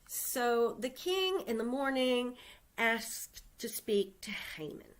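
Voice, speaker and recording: A woman with a high, animated, slightly bright voice speaks slowly as she gives a Sunday message. In this storytelling sermon she retells a scripture story conversationally, adding casual asides to the congregation.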